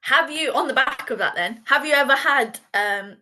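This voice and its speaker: A woman's voice: sits high, moderate pace, bright, forceful tone. A woman interviewing a medium in a casual chat, asking curious, friendly questions.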